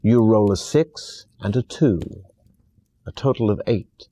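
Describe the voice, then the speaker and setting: Male narrator for a fantasy video game: scripted second-person telling, calm and measured, very low and dark, with a dry close sound.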